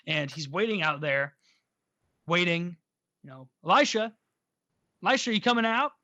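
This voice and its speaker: A man's voice: fairly high pitch, pushed and bright, dry recording. A male podcast host telling a story in a casual, irreverent and profane way, full of jokes. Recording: dull dry recording.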